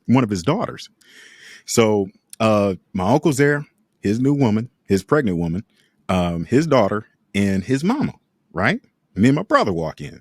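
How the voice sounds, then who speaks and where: A man tells stories on a podcast in an animated, laughing way, his pitch leaping wildly from low to high as he acts out other voices. The sound is dry and close, with no room around it. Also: dry recording. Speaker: podcast co-host. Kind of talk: casual storytelling.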